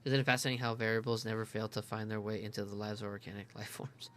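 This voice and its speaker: A man reading as a calm robot nobleman. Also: lowish voice, slight background noise, voice pushed down, lightly acted. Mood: detached. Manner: measured, logical phrasing read aloud.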